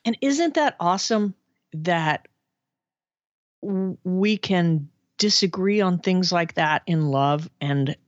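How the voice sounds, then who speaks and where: Low-voiced woman telling stories. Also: slow, no echo, highs cut off. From Arkansas, USA. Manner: animated, chatty, laughs often. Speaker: podcast guest. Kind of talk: casual storytelling interview.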